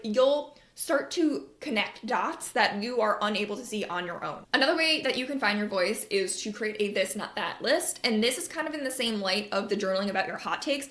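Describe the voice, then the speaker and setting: A woman's voice: mid-range voice, animated, brisk, hardly any pauses, a bit bright. Chatty woman podcaster, roomy sound. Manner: candid and chatty, swears casually, acts out quoted voices. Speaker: podcast host, marketing coach. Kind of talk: casual advice podcast monologue.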